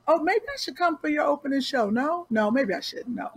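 A woman's voice: high voice, expressive, a little fast, no room sound. A woman host in casual chat who gives advice in a direct, caring, teasing way and speaks informally. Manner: informal speech with dropped verbs.

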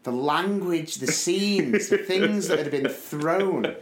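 A man, co-hosting a podcast in casual chat and telling stories with lively, loud bursts. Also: a little high, slow pace. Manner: lively storytelling, loud bursts when acting out his shouting. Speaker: podcast co-host. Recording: roomy echo.

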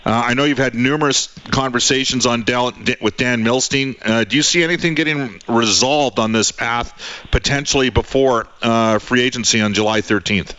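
Bright-voiced male sports radio host. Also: medium pitch, moderate pace, few pauses, smooth, no room sound. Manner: long rambling questions with fillers. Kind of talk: radio interview.

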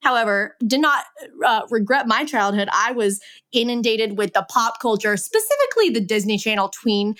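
A young woman co-hosting a casual podcast chat, sarcastic and quick to joke. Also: on the high side, animated, fairly bright tone. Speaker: podcast co-host.

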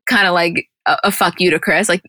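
A young adult woman co-hosting a podcast, retelling scenes in an animated, casual way and swearing freely. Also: on the low side, a little fast, no echo, studio quality. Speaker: podcast co-host. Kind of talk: casual recap chat.

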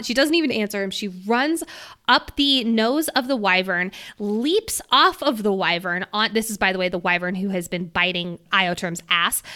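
A woman co-hosting a book podcast, talking excitedly and swearing, acting out lines from the story. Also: fairly high pitch. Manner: excited, swearing, acts out quotes. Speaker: podcast co-host. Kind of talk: casual book discussion.

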